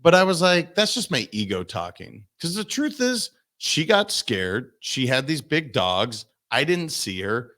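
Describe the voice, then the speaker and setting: A man, a guest coach in a podcast interview, telling stories in an animated way and acting out the people he quotes. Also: mid-range voice, a little slow, few pauses. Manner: animated storytelling, acts out voices in quotes. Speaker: guest, mindset and business coach.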